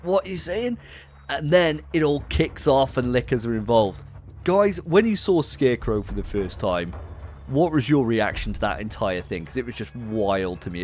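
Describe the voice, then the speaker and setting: A man co-hosting a casual film review chat, retelling scenes with animated, sweary storytelling. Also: fairly low pitch. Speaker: podcast co-host.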